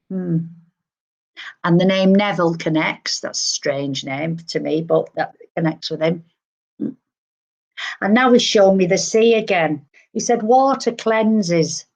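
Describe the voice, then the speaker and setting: A woman working as a medium, relaying spirit messages live and acting out what she is told. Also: fairly low pitch. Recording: livestream.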